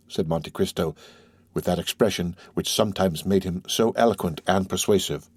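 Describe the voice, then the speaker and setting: A man narrating a classic novel as an audiobook in a steady, even reading voice. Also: low voice, normal speed, breathy edge, dry recording, studio quality. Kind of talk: scripted narration.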